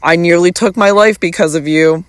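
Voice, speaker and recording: A man's voice: a little high, normal speed, fairly bright tone, clear, resonant tone, no room sound, lightly acted. A reader voicing a desperate lovesick young man. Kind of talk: audiobook reading.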